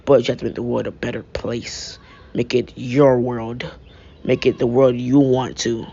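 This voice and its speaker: A man voicing a stern undead lord father, speaking in a hushed, solemn, slow way. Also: mid-range voice, flat delivery, vocal fry, slightly rough. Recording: dull lo-fi mic.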